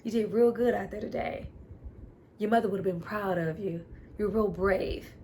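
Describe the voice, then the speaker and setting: A woman voicing a gruff older father, speaking in a soft, hushed way. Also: mid-range voice, moderate pace, slight background noise, natural voice. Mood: tender.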